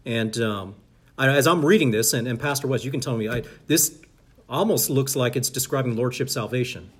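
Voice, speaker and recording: Man teaching Bible study, halting. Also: mid-range voice, breathy edge. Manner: reads scripture aloud, halting with many fillers and restarts.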